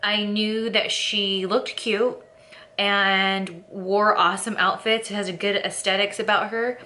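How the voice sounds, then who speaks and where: A woman's voice: mid-range voice, level tone, slow pace, bright, forceful tone. A young woman from California chatting casually to camera as a vlogger, rambling and candid, with lots of fillers and laughing at herself.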